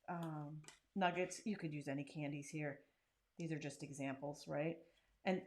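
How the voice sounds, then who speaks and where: Craft channel host, woman, lowish voice, chatty and self-deprecating, casual tutorial. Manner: chatty and self-deprecating, talks while working.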